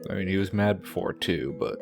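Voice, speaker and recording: Deep-voiced man cracking deadpan jokes. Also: a little fast, gravelly, music in the background. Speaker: let's play co-host. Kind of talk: casual gameplay banter.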